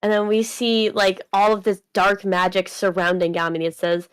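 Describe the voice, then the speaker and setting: A woman guest on a casual manga reaction stream, lively, reading lines aloud and laughing often. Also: mid-range voice, normal speed, few pauses, smooth.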